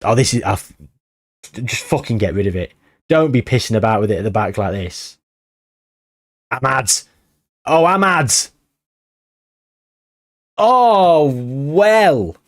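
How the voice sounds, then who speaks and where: Excitable man commentating his game. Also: medium pitch, takes it slowly, long pauses. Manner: animated, swearing, shouting at the match. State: out of breath. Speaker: gaming streamer.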